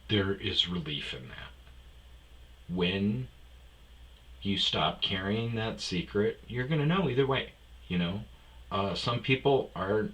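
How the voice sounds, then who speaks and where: A man's voice: lowish voice, a bit bright. A man hosting a podcast, telling a personal story in a loose, rambling way with lots of fillers and restarts. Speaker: podcast host. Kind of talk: casual storytelling monologue.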